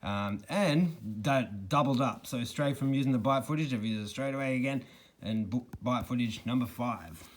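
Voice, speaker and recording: A man's voice: medium pitch, normal speed. A man with an indignant, mocking manner, giving critical commentary to camera and picking apart a news report. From Australia. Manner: indignant, with mocking quoted soundbites. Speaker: snake catcher giving commentary.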